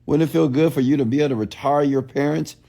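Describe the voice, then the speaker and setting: A man's voice: on the high side, fairly even intonation, fast, vocal fry, dark tone. A man giving a blunt, preachy motivational talk to a live audience, often asking if it makes sense. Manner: preachy, repetitive call-and-response questions; blunt, scolding. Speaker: motivational speaker.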